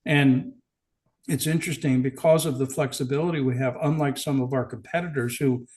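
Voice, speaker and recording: A man who is a company executive, a guest on a business podcast telling a story in casual chat, relaxed, with small restarts. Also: medium pitch, fairly quick.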